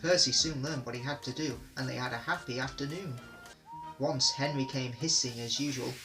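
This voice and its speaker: A man reading children's railway stories aloud in steady, clear narration. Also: medium pitch, normal speed, soft background music, rough recording. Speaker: reader. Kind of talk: storybook reading.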